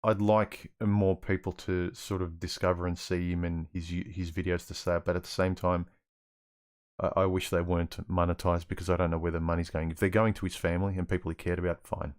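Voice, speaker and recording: Deep-voiced man hosting a casual stream. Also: level tone, a little fast, darkish tone. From Australia. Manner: rambling, restarts often, reads chat questions aloud. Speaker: livestream host answering viewer questions. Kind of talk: casual livestream Q&A.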